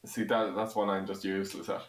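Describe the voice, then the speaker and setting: An Irish man with a fairly low voice chats on a livestream and tells loose, rambling stories, laughing often. His voice rings in a room with a noticeable echo. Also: level tone, brisk, recorded from a distance, crowd noise. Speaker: folk band member, co-host. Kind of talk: casual chat on a livestream. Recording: roomy echo.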